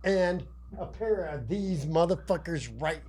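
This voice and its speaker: Man, podcast co-host, high voice, profane, rambling, laughing. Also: unhurried, darkish tone. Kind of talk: casual podcast banter.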